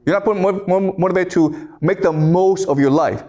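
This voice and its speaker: A middle-aged man delivers a classroom lecture in a slightly high voice. He reads scripture aloud, then retells it in everyday terms and keeps checking in with "okay?". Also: normal speed, mellow.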